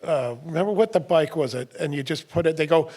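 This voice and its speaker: A middle-aged man co-hosting a casual podcast chat, telling lively stories, laughing often and acting out what others said. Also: on the high side, brisk. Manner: animated storyteller, laughs often, acts out quotes. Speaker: podcast co-host.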